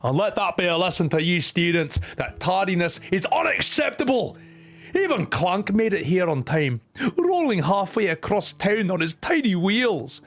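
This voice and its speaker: A man voicing a bossy, crude little male professor dog with a Scottish accent, barking orders in a shrill, yappy voice during a visual novel playthrough. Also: sing-song, moderate pace. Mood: bossy yapping. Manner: barking, shouting, crude tough-love teacher.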